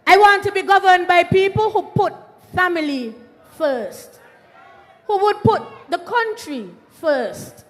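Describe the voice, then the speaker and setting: A young woman with a Kittitian accent giving a political rally speech outdoors, shouting call-and-response lines to the crowd. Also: very high-pitched, animated, slow. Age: young adult. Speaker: rally speaker. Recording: PA echo over outdoor crowd.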